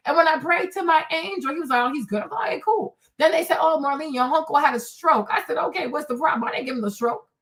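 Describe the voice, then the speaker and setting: A woman in her forties hosting a candid solo livestream, talking emphatically and with animation, swinging between shouting and low asides. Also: lively intonation, fast talker. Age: 40s. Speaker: livestream host.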